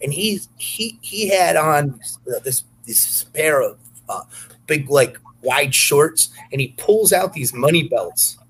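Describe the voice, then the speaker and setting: A man's voice: fairly high pitch, animated, takes it slowly, fairly bright tone, slightly rough, rough recording. Rambling man telling a story. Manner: rambling, many fillers and restarts. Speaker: podcast guest. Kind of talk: casual anecdote telling.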